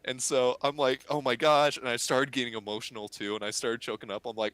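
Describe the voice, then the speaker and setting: A man telling a story in a casual podcast interview, excitable and animated, acting out the quotes. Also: mid-range voice, fairly quick, few pauses, no room sound. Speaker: podcast guest, cosplayer.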